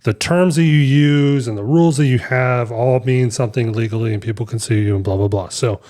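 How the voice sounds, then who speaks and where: A man's voice: medium pitch, brisk, warm tone. Rambling man co-hosting a casual podcast. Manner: rambling storyteller, many fillers and restarts. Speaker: podcast co-host. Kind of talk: casual chat.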